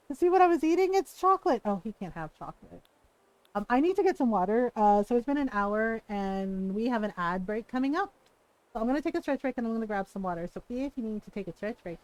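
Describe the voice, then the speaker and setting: A woman streaming from home, telling an animated story to her chat, often quoting people and laughing. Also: fairly high pitch, no room sound, poor audio. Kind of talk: casual livestream chat.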